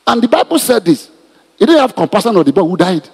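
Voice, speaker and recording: A man preaching a sermon as a pastor, animated, often laughing and repeating himself. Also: high-pitched, fast talker, vocal fry, husky. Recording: reverberant hall.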